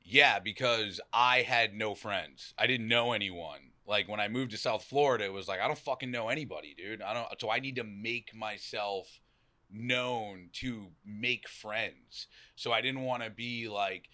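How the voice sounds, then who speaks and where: Loud low-voiced man with Boston accent. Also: measured pace. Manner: loud, outgoing, swears, acts out quotes. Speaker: podcast guest. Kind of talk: casual conversation.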